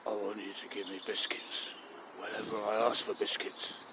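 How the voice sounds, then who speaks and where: A man voicing a sly, blackmailing talking dog in a low, hushed half-whisper. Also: level tone, background noise, close to an everyday voice. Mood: scheming. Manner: smug, scheming, drawn-out. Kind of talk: improvised comedy.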